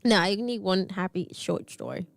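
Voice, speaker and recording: A young woman co-hosting a casual podcast, telling a family story with animated, high-pitched quoted voices and frequent laughter. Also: normal speed, vocal fry, no room sound, studio quality. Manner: laughs often. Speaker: podcast co-host.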